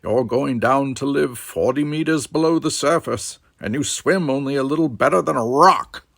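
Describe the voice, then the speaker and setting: A man voicing an earnest young man with a lifted, crisp way of speaking. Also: medium pitch, normal speed, fairly bright tone, dry recording, clean studio sound, pitched above the performer's own voice. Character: earnest young man, eager cadet hopeful.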